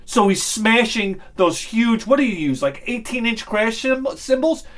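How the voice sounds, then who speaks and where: A man talking in a rambling, excitable monologue about music, swearing freely and swinging between loud bursts and low muttering. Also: measured pace. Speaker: music and audio vlogger.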